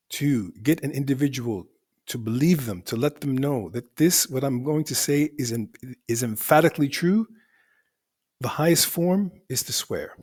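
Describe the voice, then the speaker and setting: A man's voice: medium pitch, darkish tone, husky. Man explaining Arabic poetry grammar. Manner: methodical, repeats and rephrases for emphasis. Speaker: teacher.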